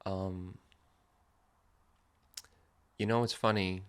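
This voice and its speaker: A man hosting a podcast, telling a personal story in a casual monologue, animated and laughing in places, quiet and reflective in others. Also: sits low, drawn-out words. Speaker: podcast host.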